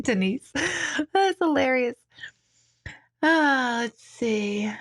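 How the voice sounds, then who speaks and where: A woman hosts a relaxed live stream, answering viewer comments as an intuitive. Her voice sits a little high, and she talks in an animated, loose way, dropping casual swear words and laughing often as she goes. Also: slow pace.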